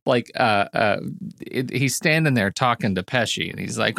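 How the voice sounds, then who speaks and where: A man's voice: mid-range voice, normal speed, vocal fry, dry recording. A man co-hosting a casual movie podcast, his voice climbing and dropping as he rants in exasperation. The sound is close and dry, with no room around it. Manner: animated, exasperated ranting. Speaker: podcast co-host.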